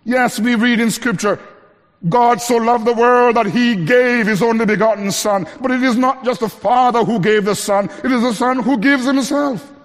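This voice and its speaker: A man preaching a sermon, rising to emphatic lines and dropping to quiet ones, slowing to stress key words. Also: big-room sound. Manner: preaching with wide swings between raised emphatic lines and low quiet ones; slows down to stress key phrases.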